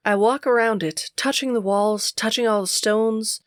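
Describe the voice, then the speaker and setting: A woman narrating a first-person audiobook in a steady, measured way. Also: a little high, no echo, studio quality.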